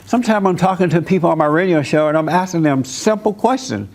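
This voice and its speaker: A man's voice: a little high, animated, fast talker, gravelly. A man pastor giving a conversational church sermon, speaking emphatically and laughing between points.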